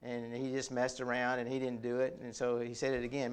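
A man's voice: medium pitch, flat delivery, fast talker, few pauses, a bit bright, smooth. A man preaching a conversational sermon, often repeating words as he builds a point. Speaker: pastor.

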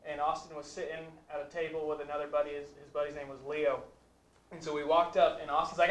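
A man's voice: on the high side, little pitch movement, quick pace, a bit bright. A young man from the congregation telling a personal story about sharing the gospel. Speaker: church member sharing a story. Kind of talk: personal testimony. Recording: roomy, faint background noise.

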